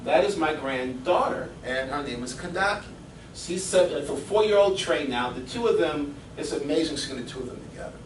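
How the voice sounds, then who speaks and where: A middle-aged man with a slightly high voice gives a seminar talk as a fitness coach, full of lively personal stories and easy chuckles. He sounds distant from the mic, and the echoey room carries a faint hum of ambience. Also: fairly quick. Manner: animated storyteller, chuckles often.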